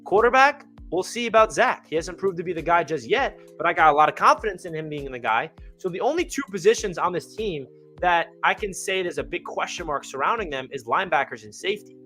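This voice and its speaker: A young man talking casually and with excitement about his football team, rambling and full of fillers, with hiccups. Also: on the high side, quick pace, soft background music. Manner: rambling, enthusiastic, many fillers. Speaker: fan channel host.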